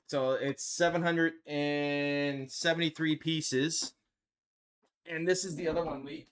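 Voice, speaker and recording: Man, live-stream host, casual chat, slightly higher pitch, close desk mic. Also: fairly even intonation, slow, fairly bright tone, smooth. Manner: chatty, answers chat, laughs often. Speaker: livestream host. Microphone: desk microphone.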